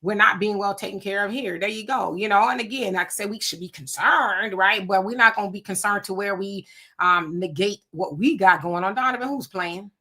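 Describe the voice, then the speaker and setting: Bright-voiced woman hosting a live chat. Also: mid-range voice, brisk. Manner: animated storytelling with frequent laughs. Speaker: livestream host. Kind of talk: casual live chat reading viewer comments.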